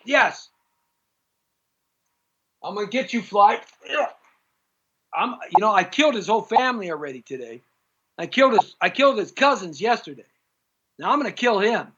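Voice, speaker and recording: A man's voice: sits high, sing-song, fairly quick, bright, forceful tone, slight background noise. A middle-aged man hosting a live-streamed talk show, rambling in a jokey, opinionated way and reading out viewers' comments. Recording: dull lo-fi live stream audio.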